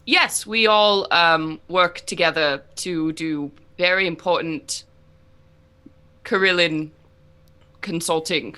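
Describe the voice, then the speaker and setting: A woman's voice: fairly low pitch, bright, forceful tone, smooth. Woman putting on a formal British man. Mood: polite. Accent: put-on British. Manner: formal, measured, halting. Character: male scholar giving calm, formal explanations.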